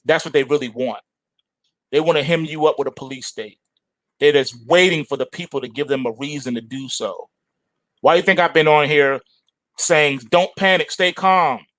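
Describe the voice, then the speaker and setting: A middle-aged man hosting a market show, delivering a forceful, repetitive opinion monologue. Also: mid-range voice, moderate pace, dry recording, poor audio. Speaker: trading show host.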